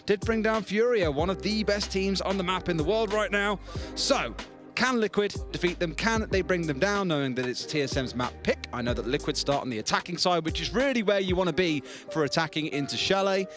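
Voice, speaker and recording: A man casting a live esports match, chatty and excitable, with event music playing behind him. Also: high voice, brisk. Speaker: esports caster. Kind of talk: play-by-play commentary. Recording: broadcast with loud music behind.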